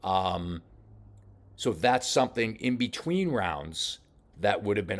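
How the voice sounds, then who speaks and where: A man coaching a boxer while reviewing fight footage, talking casually with many halting restarts. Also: fairly low pitch, expressive. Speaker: boxing coach. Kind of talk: film study commentary.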